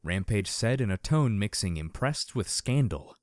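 A man reading first-person fiction aloud as an audiobook narrator, in an even, measured way. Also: fairly low pitch, dry recording, clean studio sound.

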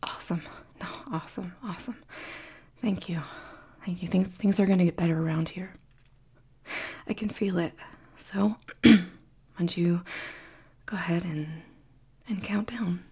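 A woman in a whispered role-play, talking in a breathy, stammering, pleading way and sounding out of breath. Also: on the low side, fairly even intonation, measured pace, long pauses, mellow. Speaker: audio role-play performer.

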